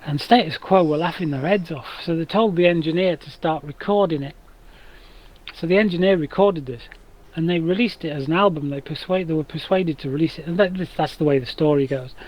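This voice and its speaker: A man with a rough, damaged voice and a fairly high pitch chats casually as a streamer while gaming. He rambles through long stories, restarting sentences as he goes. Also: a little fast, a little mellow, low-quality recording. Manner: rambling, chatty storyteller with many restarts.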